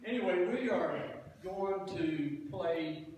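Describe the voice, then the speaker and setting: A man's voice: high-pitched, lively intonation, slow, darkish tone, a little hiss or hum. A man speaking at a funeral from the pulpit, telling joking, folksy stories with laughing asides. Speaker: eulogy speaker. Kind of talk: storytelling eulogy. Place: church pulpit. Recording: echoey room from a distant mic.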